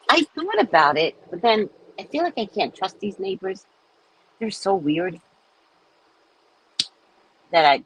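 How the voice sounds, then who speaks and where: A woman hosting a casual livestream chat, telling rambling stories in an animated way and greeting viewers. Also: lowish voice, slightly rough, no room sound, poor audio. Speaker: livestream host.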